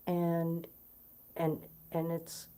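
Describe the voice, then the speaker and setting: A woman talks straight to her viewers in a low, relaxed voice. She rambles earnestly, circling back with fillers and restarted phrases. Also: very slow. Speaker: musician promoting her concert. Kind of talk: casual talk to camera.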